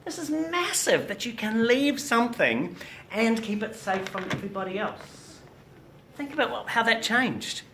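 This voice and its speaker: A woman teaching a class, animated and demonstrative, quizzing her students as she explains. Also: a little high, normal speed. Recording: echoey classroom, faint room noise.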